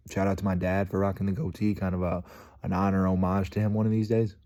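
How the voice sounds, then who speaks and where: A man's voice: sits low, flat delivery, quick pace, warm tone. A young man talking casually to his viewers in a rambling, slangy vlog monologue, full of fillers and calling people "dude". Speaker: vlogger.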